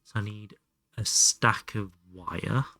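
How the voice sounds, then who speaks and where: A man's voice: lowish voice, takes it slowly, sharp tone, dry recording. A young man chatting casually and thinking aloud while streaming a game, swearing freely. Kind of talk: casual live gameplay commentary.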